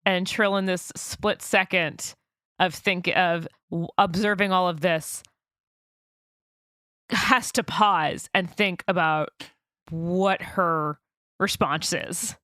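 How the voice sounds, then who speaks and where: A woman playing a tabletop game, slowly and thoughtfully describing her character's actions. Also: fairly low pitch, steady tone, bright, forceful tone, no echo, clean studio sound. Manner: slow, thoughtful, wry. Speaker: player.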